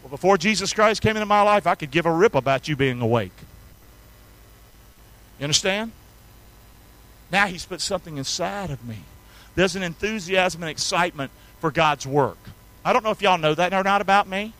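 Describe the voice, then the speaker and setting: Fiery, high-voiced preacher. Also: male voice, animated, normal speed, long pauses, poor audio. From North Carolina. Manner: enthusiastic, swings from loud to quiet, calls for congregation response. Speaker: pastor. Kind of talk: sermon.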